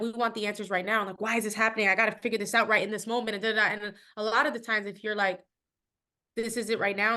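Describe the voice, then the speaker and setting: Bright-voiced woman, reflective guest. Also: medium pitch. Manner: reflective, earnest, searching for words. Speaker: podcast guest, actress. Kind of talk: casual conversation.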